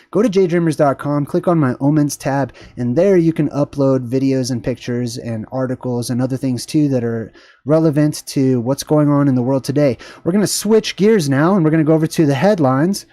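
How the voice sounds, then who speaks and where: A man's voice: a little high, fairly quick, mellow, dry recording. A man hosting a livestream show, talking casually and rambling with enthusiasm, with frequent fillers and restarts. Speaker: host.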